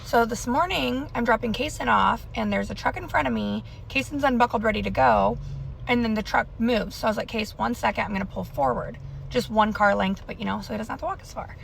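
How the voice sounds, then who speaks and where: Young woman, casual car vlog, rambling anxious storyteller, gravelly fry, faint car noise. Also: on the high side, fairly quick, rough recording. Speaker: parent vlogger. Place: in a car in a school pickup line. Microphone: phone held in car.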